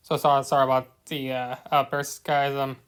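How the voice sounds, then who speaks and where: Young male reviewer, mid-pitched, stammering and restarting, rants loud then drops to a mumble. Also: smooth. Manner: stammering, many restarts, swings between loud rant and mumbling. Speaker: show reviewer. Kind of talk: ranting review commentary.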